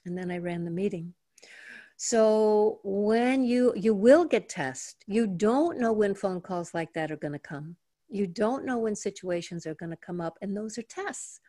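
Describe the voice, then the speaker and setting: An older woman teaching meditation in a calm, measured way, slowing down to stress her points. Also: medium pitch, dry recording, studio quality. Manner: calm, measured, slows down for emphasis. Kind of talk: teaching talk. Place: home in the mountains.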